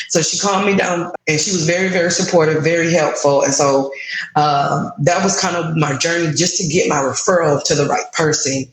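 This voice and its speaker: A woman's voice: low-pitched, moderate pace. Candid woman in her thirties, echoey room. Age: 30s. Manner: candid, emotional, frustrated retelling. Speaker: guest sharing her story. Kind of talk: personal storytelling in an interview.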